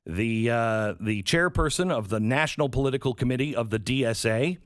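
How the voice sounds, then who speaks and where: A radio host runs a political talk show, speaking fairly quickly in a mid-range voice with plenty of sarcasm and acting out the voices of people he quotes. He's on a studio mic with no room sound.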